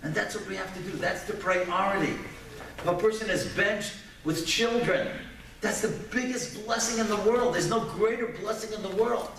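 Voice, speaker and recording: A man, a rabbi and keynote speaker, giving a lecture with personal stories, animated, then dropping to hushed tones for sad parts. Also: high voice, moderate pace. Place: large event hall. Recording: echoey hall from far off, faint noise.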